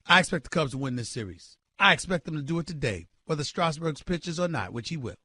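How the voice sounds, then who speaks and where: A man hosting a sports talk show, ranting loudly and emphatically with incredulous exclamations and direct calls to his listeners. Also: a little high, expressive, quick pace, slightly rough, no echo. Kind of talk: sports radio rant.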